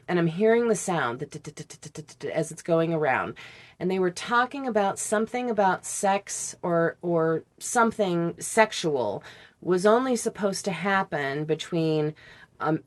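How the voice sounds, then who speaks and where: Low-voiced woman recalling her past. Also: a little mellow. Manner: candid, halting recollection with imitated sounds. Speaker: podcast guest. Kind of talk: personal storytelling in conversation.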